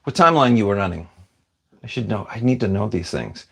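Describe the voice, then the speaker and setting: A man's voice: fairly low pitch, animated, fairly quick, vocal fry, breathy edge. Chatty man hosting a livestream. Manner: chatty, self-deprecating, wanders off mid-sentence. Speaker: livestream host reading viewer comments. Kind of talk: casual livestream chat.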